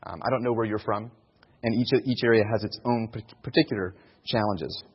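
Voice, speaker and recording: Speaking a little fast in a lowish, slightly rough voice, a man delivers an informal sermon on evangelism and sharing faith. Earnestly, he keeps repeating his main phrases. The audio is dull and echoes through a large hall.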